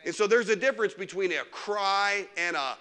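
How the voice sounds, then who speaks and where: In a church sanctuary, a middle-aged male pastor preaches a sermon to his congregation in a very high, bright, forceful, gravelly voice at a normal speed. He swings between loud, animated stretches and quiet asides, mocking the whining of complainers.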